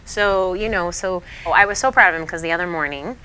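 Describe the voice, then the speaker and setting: A woman's voice: fairly low pitch, fairly quick, bright, forceful tone, smooth, rough recording. A woman kindergarten teacher talking in a casual interview, earnest and heartfelt, with many fillers and restarts. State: tearful at times.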